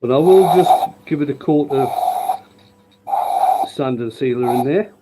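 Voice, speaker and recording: A man's voice: mid-range voice, slow, background noise. A man hosting a live woodturning stream from his workshop, chatting casually and cracking wry jokes as he works. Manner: joking, wry, dry humour. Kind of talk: casual chat while working. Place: home workshop.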